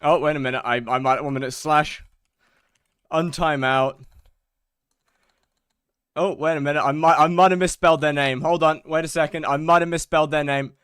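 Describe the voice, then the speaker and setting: A man's voice: a little high, steady tone, moderate pace, long pauses, a bit bright, smooth, dry recording, clean studio sound. A young man streaming live, chatting casually and greeting viewers one by one, slightly out of breath. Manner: chatty, greets chat by name, self-mocking.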